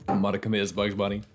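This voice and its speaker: A man streaming a video game, reacting loudly, swearing, laughing and chatting with viewers. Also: on the low side. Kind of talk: casual gaming stream commentary.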